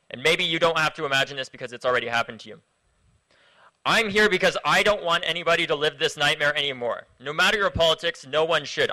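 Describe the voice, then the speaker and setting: A young man from Florida giving an impassioned speech to a rally crowd outdoors, his speech shifting between low, grave passages and loud chants that he leads. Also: poor audio. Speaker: activist speaker at a rally.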